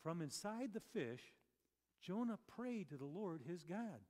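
A man's voice: high voice, very animated, measured pace, a little mellow. A man preaching a conversational sermon, chatty and full of rhetorical questions and self-corrections. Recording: long reverb of a large hall.

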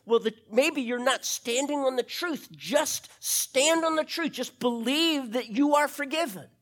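A pastor preaching a sermon and speaking directly to the congregation, swinging between fast, loud bursts and slow, hushed stretches. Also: high voice, animated.

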